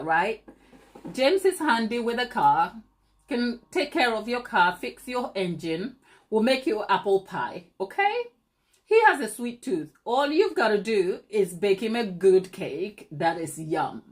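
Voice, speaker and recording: A woman hosting a baking channel, chatting and teasing viewers during a live stream while she decorates, laughing often. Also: fairly high pitch.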